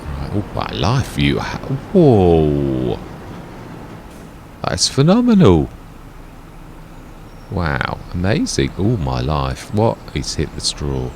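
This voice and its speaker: Man, chatty, self-correcting, gameplay commentary, low gravelly voice. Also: wildly swooping pitch, takes it slowly, pauses often, noisy background. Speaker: gaming let's play host.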